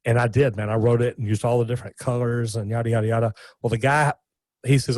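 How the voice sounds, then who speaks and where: A man, a guest in a casual interview, telling stories in an animated, folksy way with many restarts. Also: mid-range voice, fast talker, no echo, low-quality recording. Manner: animated, folksy, repeats words.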